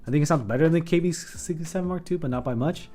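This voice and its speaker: A man with a mellow, dark voice rambles through a casual live stream, picking up chat questions and correcting himself mid-sentence. He sits at a home desk and talks into a condenser mic. Soft music plays faintly behind him. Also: a little high, very fast. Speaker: keyboard streamer. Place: home room with sound panels in a corner. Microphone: condenser microphone at desk.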